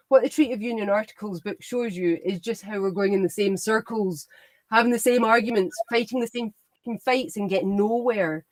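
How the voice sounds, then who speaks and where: A woman's voice: a little high, a little fast, darkish tone, no echo. Emphatic woman. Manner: emphatic and opinionated. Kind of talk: casual political discussion.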